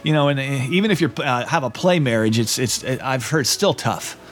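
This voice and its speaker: A man hosting a comedy radio talk show, asking jokey, halting questions. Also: mid-range voice.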